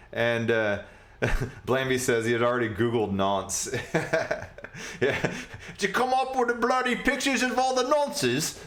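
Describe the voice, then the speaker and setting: A male podcast host runs a casual livestream, explaining a technical topic in a rambling way packed with fillers and side jokes. His mid-range voice is a bit bright, and the room sounds echoey.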